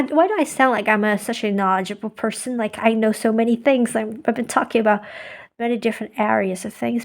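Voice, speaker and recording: Soft-spoken woman musing aloud. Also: mid-range voice. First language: not English. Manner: musing, thinking aloud with many fillers and restarts. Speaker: podcaster. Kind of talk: casual rambling monologue.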